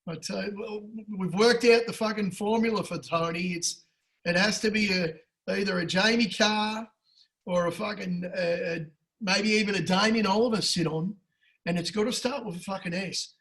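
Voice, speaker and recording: An Australian man with a high-pitched voice talks racing tips in a rowdy, profane way. He gets fired up and loud, then drops to a low mutter for jokes. It is casual podcast banter between mates. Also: moderate pace, low-quality recording. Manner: loud, crude and excitable, swears a lot. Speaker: podcast co-host. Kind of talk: casual betting tips chat.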